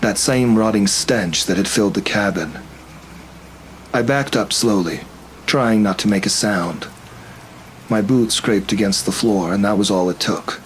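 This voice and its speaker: A man narrating a first-person horror story in a steady, tense storytelling manner. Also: lowish voice, a little slow, a little hiss or hum, rough recording.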